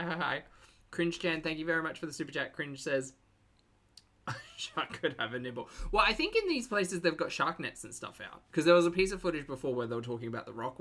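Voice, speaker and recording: A woman's voice: sits low, a bit bright. A woman streamer in casual, wry commentary, laughing often as she reacts to videos and reads chat.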